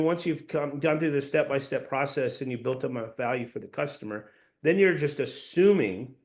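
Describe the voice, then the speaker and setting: Man, sales coach, mid-pitched voice, emphatic, drills points home by repeating them. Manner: emphatic, repeats key points for note-taking. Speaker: sales trainer. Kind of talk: sales training talk to a team.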